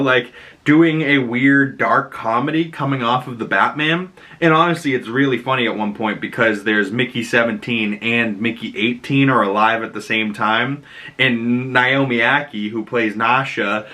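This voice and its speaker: A young man reviews a movie in a loose, rambling, chatty way and laughs at his own tangents. His voice is bright and forward. He fills the talk with lots of "you know" and "like". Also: mid-range voice.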